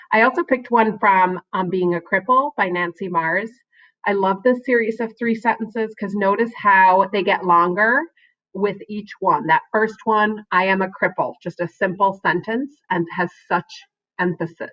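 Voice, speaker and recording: A woman with a fairly low voice teaches a writing lesson to her students. She speaks in an encouraging way, often adding "um" and asking "right?" to check in. The recording sounds dull and lo-fi. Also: a bit bright. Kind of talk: recorded online class lesson.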